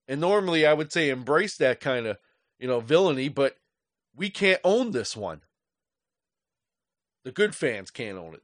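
A man's voice: medium pitch, animated, moderate pace, no echo, studio quality. A man hosting his own podcast, ranting angrily about sports fans and swearing constantly. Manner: angry, profane ranting. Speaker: podcast host. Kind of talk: solo podcast rant.

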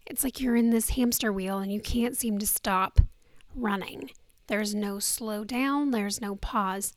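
A woman hosting a podcast in a casual, soft-spoken talk, with a groggy morning voice that often drops to a breathy near-whisper, speaking into a handheld microphone. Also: fairly high pitch, no room sound. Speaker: podcast host. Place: indoors on vacation.

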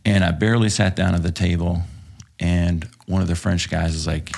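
A man's voice: deep voice, fairly even intonation, moderate pace, vocal fry, darkish tone. A man from Texas, telling war stories as a podcast guest, swearing freely and rambling with lots of fillers. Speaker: podcast guest, former police officer. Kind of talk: casual storytelling interview.

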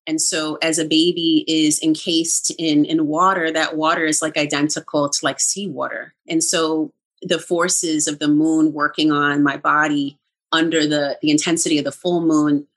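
A middle-aged woman telling a personal story in casual conversation, animated and acting out quoted lines, with frequent laughs. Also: low-pitched, moderate pace.

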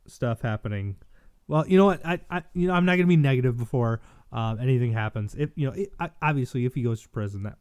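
A man's voice: medium pitch, darkish tone, no echo, clean studio sound. A man hosting a solo livestream, reading news aloud and giving opinionated commentary with frequent restarts and self-corrections. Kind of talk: casual solo political commentary.

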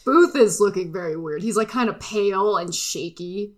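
A woman's voice: medium pitch, moderate pace. A woman playing a tabletop game, narrating her character with dry quips. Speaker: player. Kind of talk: tabletop role-play.

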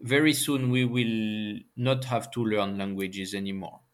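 A man's voice: fairly low pitch, fairly even intonation, a little slow. French-accented man explaining at length. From France. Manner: earnest, explains at length with frequent fillers. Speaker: guest. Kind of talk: conversational interview. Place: Paris, lives there.

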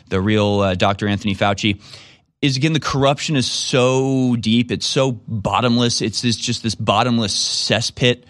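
A man's voice: mid-range voice, fairly bright tone, no room sound. Sarcastic rambling male commentator, dry sound. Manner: sarcastic, rambling, repeats himself. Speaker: political commentator. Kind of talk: casual commentary on a replayed clip.

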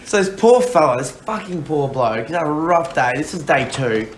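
A man's voice: a little high, animated, normal speed. A young man co-hosting a podcast, chatting loosely and swearing between laughs. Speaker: podcast co-host. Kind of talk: casual banter. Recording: echoey room with faint noise.

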